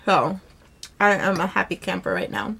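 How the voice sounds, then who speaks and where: A woman's voice: on the low side, animated, normal speed, gravelly, a bit bright, slight background noise. A woman talking casually to her phone camera in a daily vlog, rambling with lots of fillers and laughs as she moves from home to a shop to her car. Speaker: vlogger. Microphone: phone camera held by hand.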